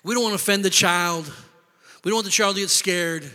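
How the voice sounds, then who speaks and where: A man preaching a sermon, telling stories with lively voices and shouted lines for emphasis. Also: high-pitched, a little fast, big-room sound. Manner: animated storytelling, shouting for emphasis. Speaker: pastor.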